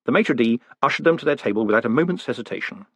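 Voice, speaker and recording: A man reading a fantasy novel aloud as an audiobook, with expressive, wry storytelling. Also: mid-range voice, very fast, dry recording. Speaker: audiobook narrator. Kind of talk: audiobook narration.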